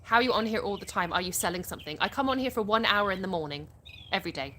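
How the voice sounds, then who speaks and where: A woman's voice: medium pitch, lively intonation, rapid-fire, a bit bright, a little hiss or hum. A woman, hosting a live stream outdoors, reading viewers' comments aloud and answering them chattily. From England. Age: 30s. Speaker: livestream host.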